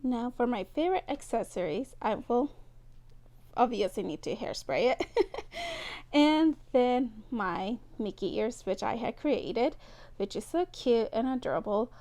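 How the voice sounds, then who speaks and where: A woman's voice: fairly high pitch, expressive, a little slow, mellow. A young woman chatting casually and giggling as she talks through a hair tutorial, teasing herself when she slips up. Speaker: beauty vlogger.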